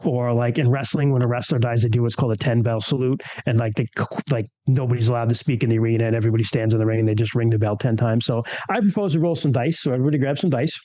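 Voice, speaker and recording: A man's voice: medium pitch, racing, hardly any pauses, warm tone, no room sound. A man chatting casually with fellow players in a rambling, easygoing way. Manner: rambling, easygoing, lots of filler words. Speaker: player and co-host. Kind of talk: casual chat among players.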